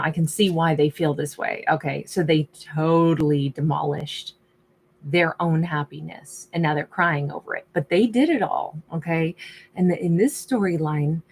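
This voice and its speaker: A woman giving a casual tarot reading, thinking aloud as she turns over each card. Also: fairly low pitch. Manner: musing, thinks aloud while reading cards. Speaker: tarot reader.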